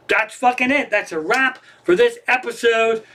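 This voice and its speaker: A man from Pennsylvania, a comedian hosting a livestream show from his living room, telling a casual, profane story, excitable and animated, swearing constantly. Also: very high-pitched, takes it slowly.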